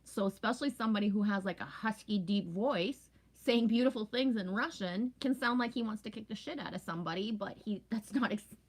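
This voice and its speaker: A woman's voice: medium pitch, a little fast, few pauses. A woman from Canada in her forties, chatting casually with viewers in a rambling, talkative way, often asking "right?". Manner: rambling, talkative, frequent "right?" and "you know what I mean". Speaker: live stream host.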